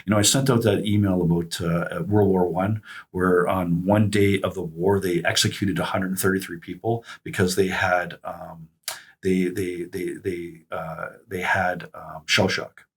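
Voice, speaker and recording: Middle-aged male guest, deep husky voice, halting reflective storyteller. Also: flat delivery. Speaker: podcast guest. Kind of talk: casual conversation.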